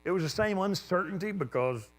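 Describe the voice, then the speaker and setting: A man preaching a sermon, telling a personal story with lively jumps in pitch and sudden quiet drops. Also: a little fast. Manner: animated storyteller, voice jumping up with excitement then dropping low.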